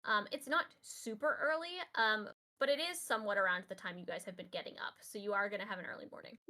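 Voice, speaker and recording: Bright-voiced woman running a tabletop game. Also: mid-range voice, fast talker. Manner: casual, filler-heavy narration. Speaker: game master.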